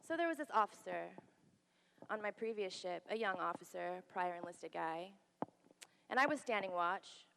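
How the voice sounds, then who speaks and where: A woman's voice: lowish voice, normal speed, creaky, slight background noise. Woman veteran, candid staged storytelling, long hall reverb. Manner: candid, quotes others in lively voices. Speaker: Navy veteran telling her story on stage. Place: theater stage.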